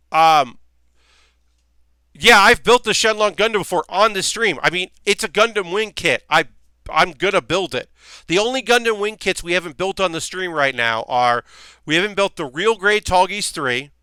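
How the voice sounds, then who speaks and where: A man streaming a model kit build rambles to his viewers in an irritated, chatty way, full of fillers and restarts. His voice is bright and clear, a touch high, and the close mic keeps it dry with no room sound. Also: no room sound. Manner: ranting, annoyed, rambling with many fillers. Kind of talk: casual live-stream chat.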